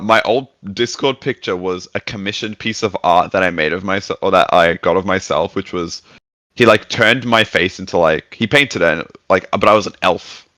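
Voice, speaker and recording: Bright-voiced young man telling stories. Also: on the low side, dry recording. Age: 20s. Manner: animated storytelling, acts out quotes. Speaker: podcast guest. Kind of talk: casual chat.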